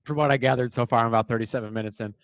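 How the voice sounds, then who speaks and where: A man's voice: mid-range voice, fairly even intonation, racing, no echo. Young man, podcast co-host, loose rambling storyteller, dry close sound. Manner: rambling storyteller, acts out movie lines. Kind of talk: casual chat.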